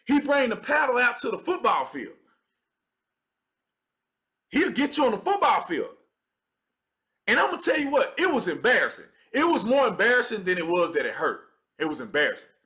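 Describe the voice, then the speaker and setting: Thirties man, livestream host. High, bright voice, emphatic and conversational. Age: 30s. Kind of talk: casual livestream commentary.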